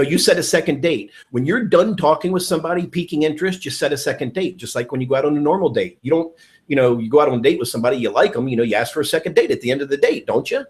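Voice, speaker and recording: A man giving an energetic training talk on network marketing, enthusiastic and repeating his key points. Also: fairly high pitch.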